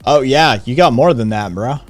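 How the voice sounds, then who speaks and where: A man's voice: medium pitch, lively intonation, moderate pace, no echo, faint music behind. Profane, laughing male stream host. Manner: loose, profane, laughing banter. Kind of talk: casual live-stream chat.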